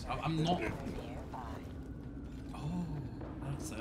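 A man's voice: high-pitched, normal speed, pauses often, heavy background noise. Swearing Scottish man ranting on stream. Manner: animated, exasperated ranting with frequent swearing. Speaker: streamer playing a game. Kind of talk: casual live-stream chat.

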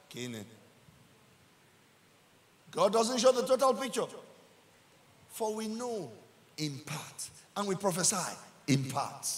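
A man with a Nigerian accent, a pastor preaching a sermon in church, building up to shouted emphasis and repeating his lines. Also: sits high, long reverb tail.

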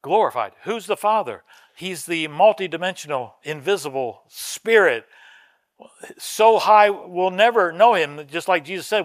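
A man preaching a sermon as pastor, telling a story with swings from soft asides to loud emphatic lines. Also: a little high, no echo, clean studio sound. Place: church sanctuary.

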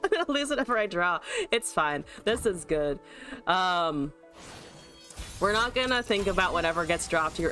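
Animated, bright-voiced woman streamer. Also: on the low side, measured pace, soft background music. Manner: animated, joking, swears freely. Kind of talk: casual game commentary.

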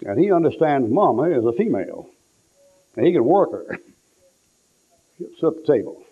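A man preaching a sermon, telling folksy stories and acting out the people in them, sometimes shouting for effect. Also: fairly high pitch, very animated, moderate pace, pauses often, slightly rough. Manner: folksy storytelling, acts out quotes, shouts for effect. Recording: tinny lo-fi phone-like sound.

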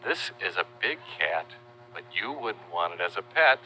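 Playful low-voiced man teaching kids. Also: a little hiss or hum, low-quality recording. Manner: playful, slow and animated, spells out words for kids. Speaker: narrator. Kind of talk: children's educational narration.

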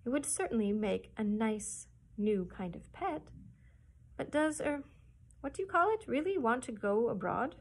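A woman's voice: a little high, animated, measured pace, breathy edge, heavily acted. A woman voicing a kind, mild male doctor who murmurs his replies, in a storybook read-aloud.

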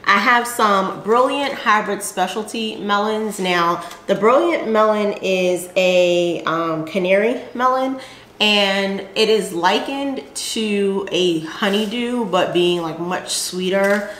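A woman's voice: medium pitch, takes it slowly, a bit bright, reverberant, slight background noise. A woman hosting a gardening channel, chatting casually and rambling with lots of fillers as she shows her seed packets. She speaks with a Southern American accent.

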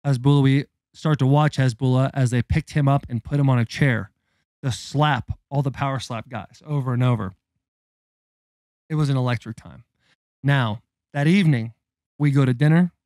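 A man in his thirties, co-hosting a podcast, spins a long story with swearing and a flair for suspense. His voice sits at a middle pitch and sounds close and dry, with no room around it. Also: dry recording. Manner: animated, profane, dramatic build-up. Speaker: podcast co-host. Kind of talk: casual storytelling.

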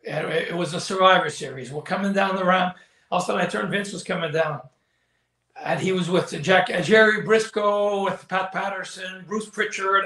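Pushed and bright, the high voice belongs to an older man who once called wrestling matches. He recounts stories in a frank interview, voicing the characters he quotes and repeating "you know," and the room echoes.

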